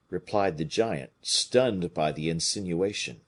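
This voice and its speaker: Husky, deep-voiced male audiobook narrator. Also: lively intonation, measured pace. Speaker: audiobook reader. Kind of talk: audiobook narration of a classic novel.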